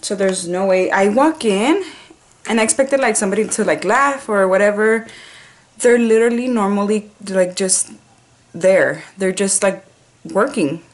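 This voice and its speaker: A woman's voice: medium pitch, moderate pace. A woman who works as a 911 dispatcher, telling a story in a casual vlog. She talks freely, swears a lot, says "like" constantly and slips in Spanish slang. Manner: chatty, profane, heavy use of "like"; drops in Spanish slang phrases.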